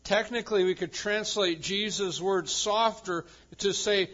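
A male pastor preaching a sermon with emphasis, swinging from loud proclamation to quiet intensity. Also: sits high, expressive, normal speed, few pauses, lo-fi sound.

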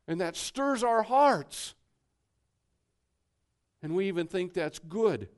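Male preacher, sermon, emphatic, unhurried, smooth clear voice. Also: high-pitched, animated. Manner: emphatic, swings from hushed to forceful.

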